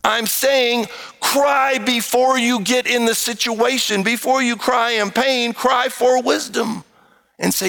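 A man preaching an animated sermon, reading scripture and raising his voice to exhort the congregation. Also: takes it slowly, gravelly. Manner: animated, shifts between low quotes and raised exhortation.

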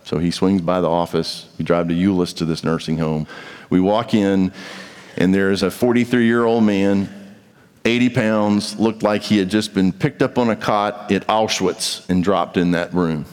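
A man's voice: low voice, steady tone, normal speed, darkish tone, clean tone. A male pastor preaching a sermon with emphatic delivery, acting out the voices of imagined speakers. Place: large church sanctuary. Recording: reverberant hall.

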